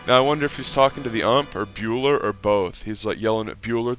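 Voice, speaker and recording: A man doing mock play-by-play commentary over a game clip and ranting in a profane, exasperated way, sometimes breaking into shouts of excitement. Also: on the low side, quick pace, few pauses, faint music behind. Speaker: online video commentator.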